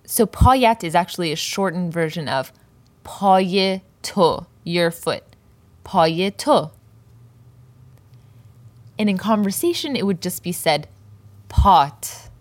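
A woman teaching a language lesson, explaining a poem's words slowly and carefully and repeating each term for learners. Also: fairly low pitch, lively intonation, no room sound. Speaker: Persian language and poetry teacher.

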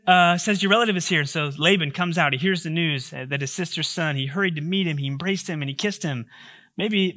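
A man's voice: sits high, pushed and bright, dry recording, studio quality. A male pastor giving a sermon in a humorous, conversational way with joking asides.

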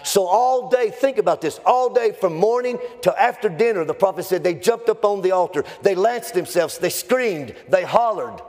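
Preacher guy, high voice, gets loud and sing-songy, church hall echo. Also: lively intonation, moderate pace, hardly any pauses. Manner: fervent, builds to near-shouting and sing-song cadence. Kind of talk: sermon. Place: church sanctuary. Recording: long reverb in a church hall.

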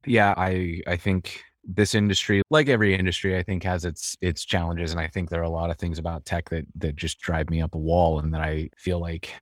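A man speaking as a podcast guest, thinking aloud in a relaxed conversational way and often restarting his sentences. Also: deep voice, fairly quick, hardly any pauses, no room sound, clean studio sound. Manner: reflective storyteller with frequent restarts. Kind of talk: conversational interview.

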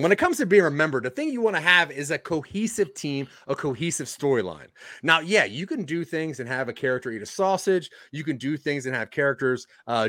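A man's voice: fairly high pitch, fairly bright tone, no echo, studio quality. A man giving a mock presentation in improvised comedy, playful and mock-villainous, drifting in and out of a put-on accent.

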